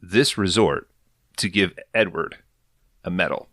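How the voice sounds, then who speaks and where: A man hosting a podcast, recapping an episode in an animated, casual storytelling way with a lot of swearing. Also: deep voice, unhurried, dry recording, studio quality. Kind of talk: casual chat.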